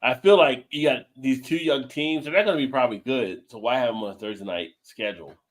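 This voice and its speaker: A man's voice: mid-range voice, a little fast, a little hiss or hum. A man hosting a casual live-stream chat over a video call, joking around a little buzzed and reading out viewer comments. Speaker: host.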